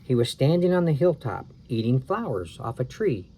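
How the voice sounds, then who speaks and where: A man reads a chapter book aloud to young kids and often stops for chatty asides. His voice is mellow and warm at a middle pitch. A faint hiss sits under it. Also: big pitch swings, moderate pace. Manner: chatty asides explaining the story. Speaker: storybook reader.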